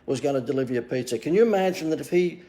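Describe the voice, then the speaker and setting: A man's voice: fairly high pitch, lively intonation, rapid-fire, mellow, roomy sound. A man giving a casual live talk on his phone, bantering and joking about himself as a marketing coach. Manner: jokey, self-mocking salesman banter. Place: outdoors near a harbour. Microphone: phone camera.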